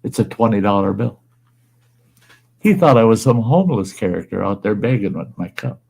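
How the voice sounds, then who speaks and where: A man with a deep, gravelly voice spins a casual, rambling yarn from his home. His tone is dark and mellow, and he talks in a plain, folksy way as the host of his own storytelling show. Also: animated, normal speed. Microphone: wearing earbuds.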